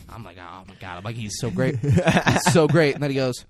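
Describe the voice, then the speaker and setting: A man in casual podcast chat, retelling a film scene with animated, loud impressions and lots of swearing. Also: medium pitch, fairly quick. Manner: animated, acts out quotes loudly, swears a lot.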